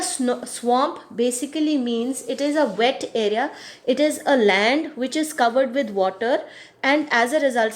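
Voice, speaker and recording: A woman reading a storybook to children as a teacher, patiently explaining each hard word and repeating phrases. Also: high voice.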